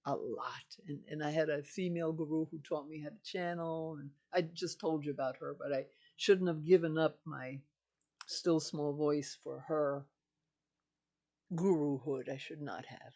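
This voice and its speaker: A woman's voice: deep voice, steady tone, measured pace, warm tone. An older woman, a spiritual teacher, giving an emphatic, repetitive teaching monologue.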